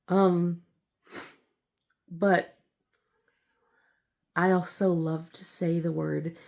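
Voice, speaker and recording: A young woman talking in a casual personal vlog, giggly and halting, full of fillers and restarts. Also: level tone, creaky, a little mellow. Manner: slips into a squealing high voice when acting out her younger self. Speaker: vlogger.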